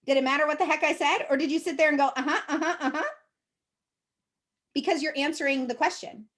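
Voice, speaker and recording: A woman's voice: high-pitched, fairly even intonation, rapid-fire, a bit bright. A woman giving a casual, upbeat coaching talk to her team, chatty and encouraging, often checking in with "okay?" and "right?". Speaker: sales team trainer.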